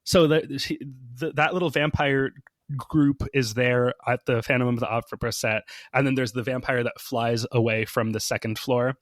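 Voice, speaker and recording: A man's voice: mid-range voice, fairly even intonation, normal speed, dry recording, studio quality. A man guest on a podcast, casually telling a story with lots of "like" and "um" and acting out the people he quotes. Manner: chatty, many fillers, acts out quoted people.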